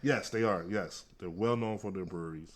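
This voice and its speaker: A man's voice: deep voice, normal speed. A man co-hosting a casual food podcast, easygoing and rambling, with lots of fillers. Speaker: podcast co-host.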